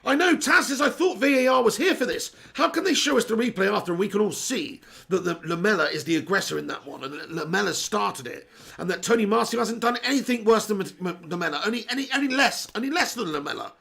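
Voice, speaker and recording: A man's voice: high voice, expressive, fast talker, vocal fry, pushed and bright, slightly rough. A young man hosting a live football watch-along, ranting in exasperation and repeating himself, his voice strained and sore.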